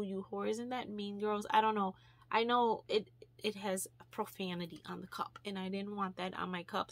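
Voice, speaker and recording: A young adult woman vlogger chatting casually, gushing over gifts and filling pauses with ums and likes. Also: mid-range voice, creaky, no echo. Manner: chatty, gushing, with many fillers. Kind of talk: casual vlog chat.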